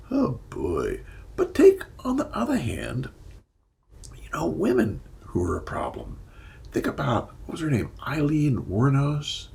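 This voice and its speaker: An older man with a gravelly, creaky voice talks alone in a casual monologue. His pitch swings widely as he poses rhetorical questions, and he slips into whispered asides. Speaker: therapist and commentator.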